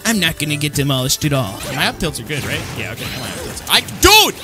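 A woman commenting on her own gameplay, excitable and slangy, often yelling at the screen. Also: low-pitched, fast. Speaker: gaming channel host. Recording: loud game music behind voice. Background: game music.

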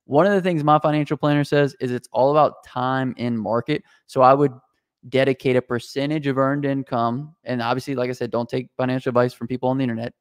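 A man co-hosting a casual chat show, brisk and steering the conversation. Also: medium pitch, smooth, no echo, studio quality. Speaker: show co-host.

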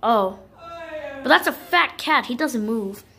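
A woman's voice: a little high, expressive, takes it slowly, sharp tone, full character voice. A woman voicing Lenny, a sulky male puppet who misses his lost dog, in a homemade puppet movie. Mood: glum.

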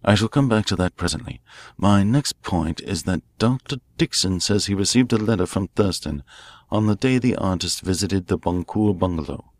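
A man reading a classic mystery aloud, voicing a grave male detective who explains his case and cross-examines forcefully. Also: deep voice, normal speed. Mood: explaining. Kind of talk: audiobook character voice.

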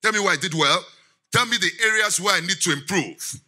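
A middle-aged man, giving a lively sermon as guest speaker, laughing often and quizzing the congregation. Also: sits high, brisk, slightly rough.

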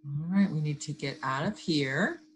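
A woman's voice: sits low, animated, moderate pace, slight background noise. A woman teacher leading an online class, upbeat and talking through each step. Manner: upbeat, talks through her screen steps.

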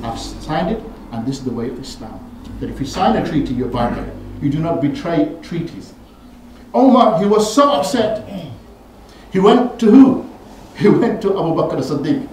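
A man giving a Friday sermon in a mosque, telling stories animatedly and rising in pitch and force when he quotes people. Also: sing-song, brisk, few pauses, mellow, a little hiss or hum. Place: mosque prayer hall. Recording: very echoey hall, voice from far off.

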